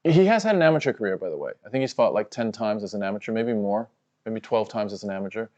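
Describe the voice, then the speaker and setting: A man's voice: fairly low pitch, expressive, fast, a little mellow, muffled recording. A man co-hosting a live fight watch-along stream, giving casual, profane, analytical commentary full of "you know" fillers.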